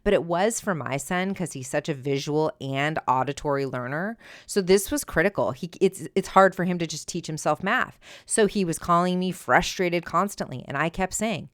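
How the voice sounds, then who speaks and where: Emphatic, smooth-voiced woman podcast host. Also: fairly low pitch, normal speed, few pauses, dry recording, studio quality. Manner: emphatic, conversational, animated when retelling. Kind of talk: solo podcast advice talk. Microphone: earbuds with mic.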